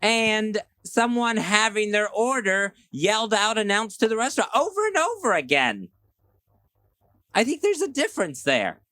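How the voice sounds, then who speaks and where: A man's voice: high voice, very animated, moderate pace, pushed and bright, no echo. A male radio co-host defending himself in aggrieved, defensive studio banter.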